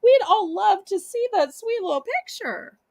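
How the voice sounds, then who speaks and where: A woman's voice: very high-pitched, animated, normal speed, creaky, a little mellow, no room sound. A woman with a Southern US accent hosting a live home-shopping auction, chatty and sweet, calling the viewers y'all.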